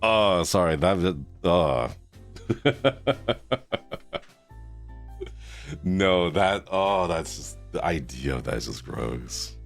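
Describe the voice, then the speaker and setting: Very deep gravelly man streaming. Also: animated, a little slow, few pauses, soft background music. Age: 30s. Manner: reacting to chat, groaning and laughing. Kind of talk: casual live-stream chat.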